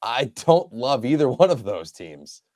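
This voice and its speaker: A man's voice: medium pitch, very animated, a little slow, darkish tone, no echo, studio quality. A man co-hosting a casual sports podcast in an easygoing, laid-back way. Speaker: podcast co-host.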